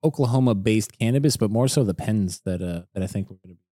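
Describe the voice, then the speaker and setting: A man's voice: fairly low pitch, quick pace, warm tone, no echo, studio quality. A young man in casual, slangy podcast chat, laid-back and laughing often. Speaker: podcast co-host.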